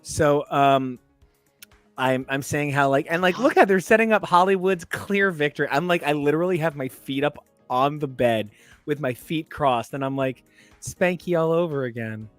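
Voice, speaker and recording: A man hosting a podcast in casual chat, telling long, animated stories with lots of fillers. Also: a little high, moderate pace, no echo, soft background music. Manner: rambling, animated storyteller. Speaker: podcast host.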